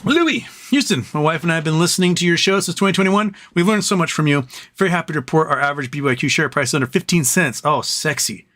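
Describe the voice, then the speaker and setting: A man's voice: fairly high pitch, quick pace, fairly bright tone. A man hosting a casual livestream, reading viewer messages aloud and joking and rambling between them. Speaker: livestream host reading super chats.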